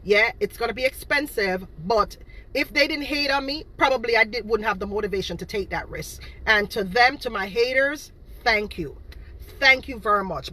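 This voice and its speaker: Bright, indignant woman. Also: a little high, low-quality recording. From Boston, Massachusetts. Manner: indignant, emphatic, repeats herself. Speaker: home cake seller. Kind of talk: direct-to-camera rant.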